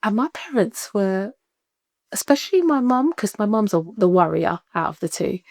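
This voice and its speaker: A woman, a podcast guest telling a personal story in lively conversation, acting out what people said and laughing often. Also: medium pitch, normal speed, gravelly, no echo, studio quality. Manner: animated, acts out quoted voices, laughs often.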